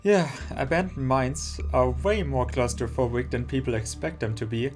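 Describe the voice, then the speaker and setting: Dry teasing young woman who chases ghosts for views, a guy reading her lines, mid-pitched, soft music underneath. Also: moderate pace, close to an everyday voice. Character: brash young woman ghost-hunting streamer.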